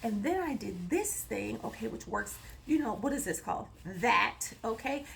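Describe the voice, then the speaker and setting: A woman's voice: a little high, expressive, moderate pace, vocal fry, slight background noise. A woman vlogger giving a rambling, playful recap of her gym workout, sometimes dropping into a whisper. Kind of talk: casual chatty workout recap.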